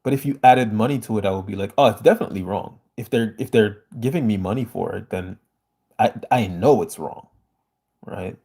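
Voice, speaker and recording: A man speaks in a lowish, mellow voice, hosting a casual livestream and answering his viewers. He talks earnestly and with emphasis. The sound is a plain home setup. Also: moderate pace, vocal fry, breathy edge. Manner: earnest, emphatic, reads chat aloud and answers. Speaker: livestream host reading viewer comments.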